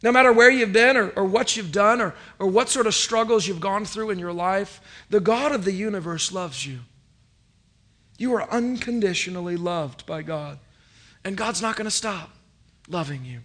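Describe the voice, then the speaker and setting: Preaching emphatically at normal speed, a male pastor with a high, animated voice alternates loud declarations with quiet asides. He keeps calling on the congregation to respond.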